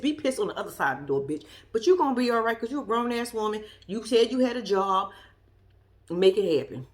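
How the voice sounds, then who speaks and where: A woman giving a sassy, profane, casual commentary as she recaps a reality show episode. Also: a little high. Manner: blunt, profane, sassy storytelling.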